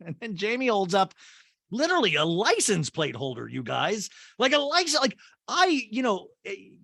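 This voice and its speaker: A man's voice: high-pitched, huge pitch swings, moderate pace, vocal fry, sharp tone, dry recording. Chatty profane man recapping. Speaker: podcast host. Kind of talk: casual comedic recap.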